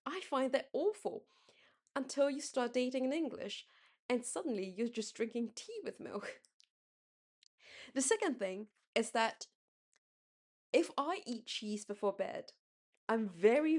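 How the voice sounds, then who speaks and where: A woman's voice: sits high, animated, unhurried, pauses often. A young woman from Singapore rambling in a casual late-night vlog, correcting herself often and laughing as she talks. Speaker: vlogger.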